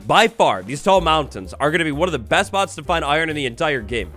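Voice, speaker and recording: Excitable young man narrating a game. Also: a little high, quick pace. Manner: excitable, playful, theatrical mock outrage. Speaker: gaming YouTuber. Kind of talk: Minecraft let's play commentary. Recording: faint background music.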